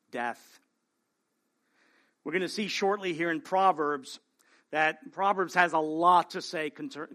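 A man's voice: a little high, pushed and bright. A male pastor preaching a sermon in an earnest way, often checking in with the congregation by asking "right?". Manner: earnest, keeps adding "right?" to his points.

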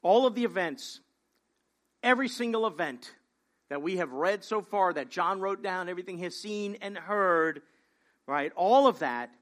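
A man delivers a sermon in a high-pitched voice. He preaches in a conversational but emphatic way, posing rhetorical questions and repeating key phrases for weight. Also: animated, normal speed, fairly bright tone.

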